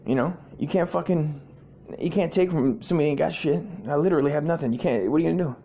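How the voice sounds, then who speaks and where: A former sailor hosting a comedy podcast, telling a long story in a rambling, heavily profane way and acting out the people in it. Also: male voice, on the high side, quick pace, slightly rough. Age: adult, former sailor. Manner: profane, rambling, animated quoted voices.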